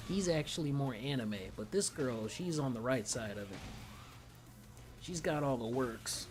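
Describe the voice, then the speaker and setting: A man casually reacting to a game trailer, slangy and excitable, often breaking into laughter. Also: mid-range voice, unhurried, soft background music. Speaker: gaming streamer reacting to a trailer.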